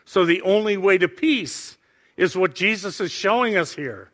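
A man preaching a sermon with passion, swinging from hushed, quiet lines to near-shouting. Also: high voice, lively intonation, moderate pace. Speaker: pastor.

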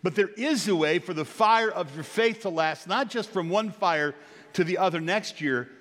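A middle-aged man preaches in a church, his slightly high voice carrying a long reverb through the hall. He tells homely stories with jokey asides, dropping low and then rising loud and animated. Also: normal speed. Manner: storytelling, jokey asides, animated swings in volume. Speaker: pastor. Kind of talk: sermon. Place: church sanctuary.

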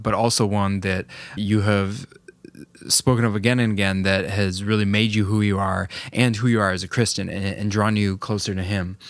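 A man with a low voice hosts the interview and asks his questions in a measured, thoughtful way. The recording is dry and close, with no room sound. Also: smooth, no room sound. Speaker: podcast host. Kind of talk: interview conversation.

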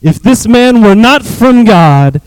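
A man's voice: high-pitched, lively intonation, slow, clean tone, no echo, voice pushed up, poor audio. A man voicing a formerly blind man who insists he was healed, speaking emphatically and drawing out his words. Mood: insistent.

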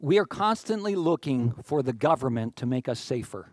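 Earnest pastor preaching in a dry room. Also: male voice, animated, normal speed, no room sound. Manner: informal, earnest, with self-deprecating asides; rises in pitch and volume when stressing a point. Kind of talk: conversational sermon.

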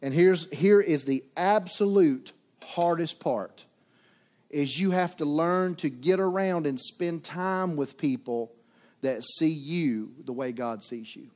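A middle-aged man preaching with a drawl, his voice sitting high for a man. He is folksy and joking, swinging from loud exhortation down to quiet asides. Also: slow. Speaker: pastor. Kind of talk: sermon.

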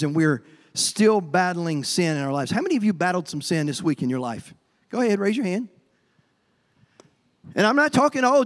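A man's voice: very high-pitched, fairly bright tone. A male pastor preaching a folksy sermon, stumbling over repeated words and acting out quotes. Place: church sanctuary. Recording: long hall reverb.

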